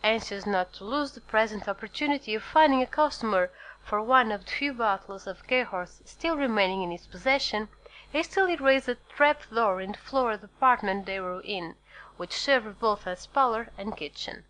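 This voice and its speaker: A woman narrating a classic novel as an audiobook in a steady, measured storytelling voice. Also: fairly high pitch, low-quality recording. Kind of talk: scripted narration.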